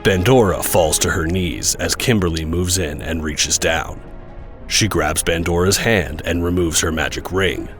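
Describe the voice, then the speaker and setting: A man with a very deep voice narrates an audio drama in a measured, descriptive way. Soft music sits faintly behind him. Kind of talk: scripted narration.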